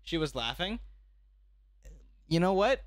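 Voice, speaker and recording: A young man streaming his reactions to online videos, talking casually, animated and swearing freely. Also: fairly high pitch, slow, no echo. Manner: animated, swears a lot, restarts mid-thought.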